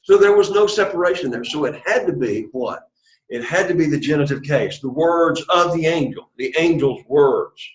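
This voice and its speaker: A man's voice: fairly high pitch, expressive, moderate pace. A man teaching an introductory Greek class, patiently drilling students after opening with a prayer. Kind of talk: classroom lesson. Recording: echoey room, dull lo-fi sound.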